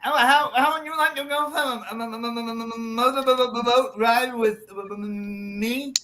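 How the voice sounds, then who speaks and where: A dim male bar buddy with a nasal, slurred voice that sits higher than normal , as a man puts him on. He stammers through his lines in a very bright, sharp tone. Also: steady tone, a little slow, heavily acted. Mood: stammering.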